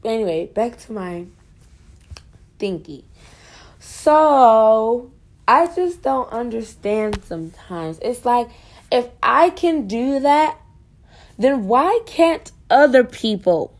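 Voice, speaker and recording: A woman's voice: on the high side, big pitch swings, takes it slowly. A woman student venting in a casual, rambling monologue for her podcast, frustrated and full of fillers.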